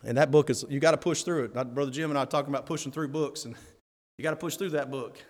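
A man preaching a sermon as a church elder, animated and laughing often, rising to loud emphatic peaks. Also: medium pitch, quick pace. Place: church sanctuary. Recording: long reverb of a church hall.

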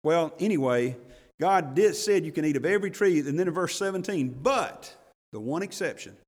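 A man's voice: a little high, expressive, brisk, a little mellow. Emphatic man preaching in a hall. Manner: folksy preaching with rising emphatic bursts. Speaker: pastor. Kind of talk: sermon.

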